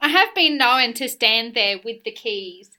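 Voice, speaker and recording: A woman's voice: fairly high pitch, animated, measured pace, sharp tone. An Australian woman co-hosting a podcast in candid casual chat, teasing and laughing along. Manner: teasing, laughs along, quotes arguments dryly. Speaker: podcast co-host.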